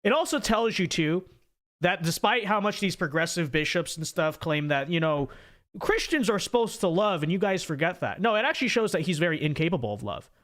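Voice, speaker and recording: Young male livestream host, pitched a bit high, rambling and repetitive commentary style. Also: animated, brisk, fairly bright tone. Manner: rambling, repeats words while thinking aloud; reads viewer super chats aloud.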